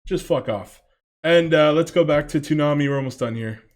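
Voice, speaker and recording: Guy late 20s ranting at a video, swears constantly, rambly, kinda high voice. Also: normal speed. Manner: profane, rambling, laughs often. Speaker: commentator. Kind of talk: ranting reaction commentary.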